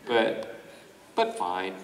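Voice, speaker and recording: A male voice actor on a convention panel, talking in a halting, self-deprecating way with many restarts. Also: on the low side, huge pitch swings. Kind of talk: panel talk. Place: large convention hall. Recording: echoey hall from far off, crowd noise.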